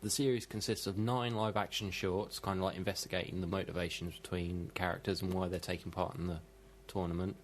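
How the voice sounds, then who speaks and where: Low-voiced British man with dry wit. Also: steady tone, brisk, hardly any pauses, a little hiss or hum. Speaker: podcast co-host. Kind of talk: casual podcast chat, reading news.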